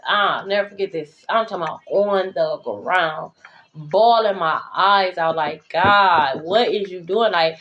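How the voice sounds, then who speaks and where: A woman's voice: fairly high pitch, a bit bright. A woman tarot reader talking to her viewers in a casual spiritual monologue, blunt, profane and emphatic. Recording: dull lo-fi recording.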